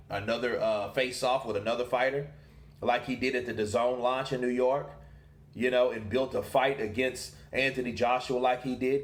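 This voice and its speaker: Dude ranting about boxing on his own, rhetorical questions nonstop, mid voice, echoey room. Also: mid-range voice. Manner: animated and rhetorical, asks questions and answers them himself. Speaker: boxing commentator. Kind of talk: casual commentary monologue.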